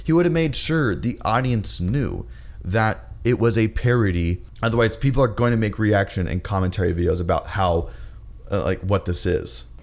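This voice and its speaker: A man giving reaction commentary in a dry, sarcastic, measured way. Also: on the low side, animated. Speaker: commentary YouTuber.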